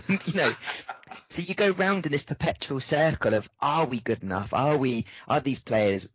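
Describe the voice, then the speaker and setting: A man's voice: medium pitch, animated, normal speed, breathy edge, dry recording, dull audio. A man appearing as a comedian guest on a casual podcast, rambling and repeating words while he thinks aloud.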